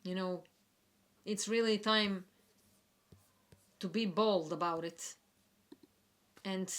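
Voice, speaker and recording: Woman, astrology forecaster; slow, gentle, reflective delivery at mid pitch. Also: steady tone. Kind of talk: spiritual forecast talk.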